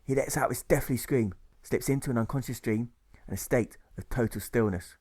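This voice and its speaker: A man's voice: mid-range voice, brisk, darkish tone, breathy edge. A man narrating his own rhyming novel as an audiobook, reading rhythmically and stressing the rhymes.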